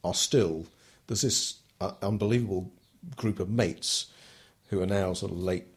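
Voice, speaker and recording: Older guy being interviewed, lowish husky voice, lots of ums and restarts. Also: unhurried. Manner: hesitant, with many ums and restarts. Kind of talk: relaxed oral history interview.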